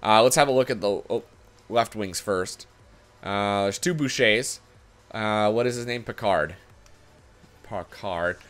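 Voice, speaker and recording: A man's voice: fairly low pitch, a bit bright. A man giving casual commentary on a sports management game, chatty and thinking aloud, often correcting himself as he goes. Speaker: gaming YouTuber.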